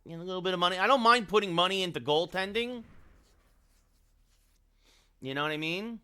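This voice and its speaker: A man's high-sitting voice comes across pushed, bright, and smooth, at a fairly quick pace. In live game-stream commentary of a late-night hockey game, he rambles and thinks out loud. He scrolls through players and chats with his viewers.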